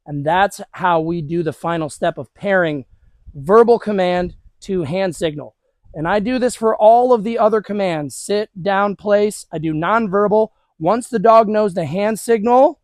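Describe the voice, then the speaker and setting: High-voiced man giving casual dog training tips. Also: darkish tone, dry recording. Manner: casual and encouraging, talking to viewers while working a dog. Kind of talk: hands-on training demonstration. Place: outdoors on a training property.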